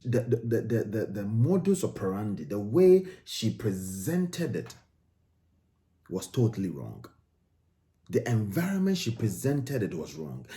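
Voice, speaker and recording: A man's voice: lowish voice, sing-song, unhurried, dark tone. A man from Ghana, giving emphatic commentary on video clips and repeating phrases for stress.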